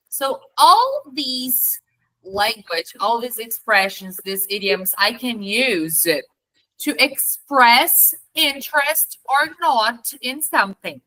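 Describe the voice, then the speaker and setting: A woman teaching an online English class, patient, explaining slowly and demonstrating intonation. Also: fairly high pitch, lively intonation, pushed and bright, poor audio.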